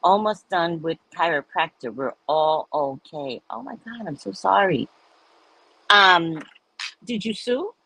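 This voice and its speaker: A woman's voice: fairly low pitch, lively intonation, slow, creaky, fairly bright tone, low-quality recording. Middle-aged woman host, bouncy swooping delivery, chatty, reads the chat aloud. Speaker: livestream host reading viewer comments. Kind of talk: casual chat.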